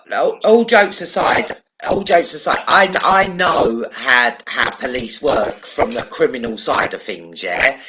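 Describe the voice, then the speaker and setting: Lively agreeable man. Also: mid-range voice, measured pace, hardly any pauses, noisy background. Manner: agreeable, chipping in, laughs along. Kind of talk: casual chat.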